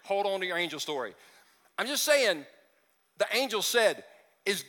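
A man's voice: sits high, sing-song, normal speed, pushed and bright. A man preaching a conversational sermon as pastor, with joking asides and acted-out voices, in a church hall.

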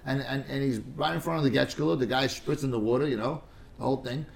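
A man's voice: mid-range voice, fairly even intonation, fast talker, vocal fry. A man teaching a casual study class, rambling and digressive, stumbling over repeated words and mixing in Hebrew and Aramaic terms.

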